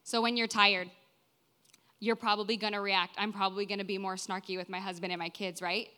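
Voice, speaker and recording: Bright-voiced young woman preaching a sermon. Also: medium pitch, flat delivery, brisk, clean tone. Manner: earnest, conversational, frequent "right?" and "like". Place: church.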